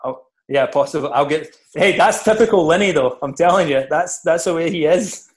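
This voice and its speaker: Scottish man telling lively stories. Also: a little high, normal speed. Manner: animated storytelling with laughs. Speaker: former footballer guest. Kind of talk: casual podcast chat.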